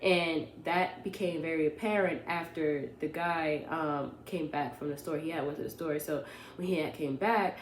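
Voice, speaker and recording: A young woman tells a casual storytime, animated and rambling, stopping to correct herself as she goes. Her voice sits on the low side. The room around her is echoey, with faint ambience behind. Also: normal speed, slight background noise. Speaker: vlogger.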